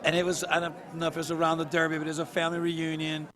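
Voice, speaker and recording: A man with a notably high voice tells a lively family story and laughs along with it. A busy crowd chatters clearly around him. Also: racing. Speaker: family member telling stories. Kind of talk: casual storytelling.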